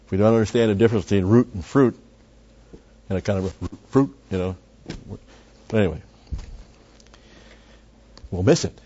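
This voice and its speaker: A man's voice: lowish voice, moderate pace, pauses often, mellow, breathy edge. A man teaching through a Bible passage verse by verse, conversational and full of asides, pressing hard on key words. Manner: conversational, with frequent asides and restarts. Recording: dull lo-fi recording.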